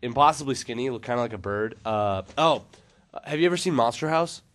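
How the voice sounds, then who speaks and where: A man's voice: medium pitch, animated, brisk, fairly bright tone. A man telling a long funny story on a casual podcast, rambling with many fillers. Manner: rambling, lots of "like" and "uh", laughs at own story.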